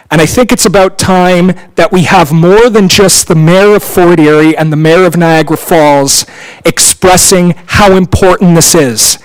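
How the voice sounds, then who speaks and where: A man's voice: high voice, a little slow, poor audio. A man speaking as a town councillor at a council meeting, angry and impassioned, his voice raised.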